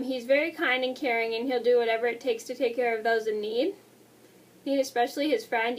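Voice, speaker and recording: Young woman in her twenties, high voice, quick rambling vlog talk, heard a bit off the mic. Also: distant mic. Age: 20s. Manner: fast, rambling, apologetic. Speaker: vlogger. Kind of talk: casual movie review.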